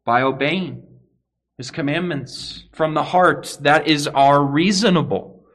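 A man preaching a sermon to his congregation, earnest, swelling at key points and dropping to a quiet, low emphasis. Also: slow pace. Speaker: pastor.

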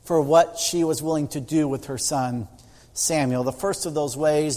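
Heard through long hall reverb, a middle-aged pastor preaches at a normal speed, his voice on the high side, a little mellow and fairly even in intonation. He tells stories and acts out the voices of the people in them.

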